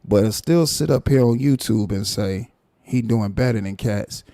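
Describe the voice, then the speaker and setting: A man hosting a live stream, ranting in a mocking, animated way and repeating his points. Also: on the low side, moderate pace, dry recording, clean studio sound. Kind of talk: casual commentary rant.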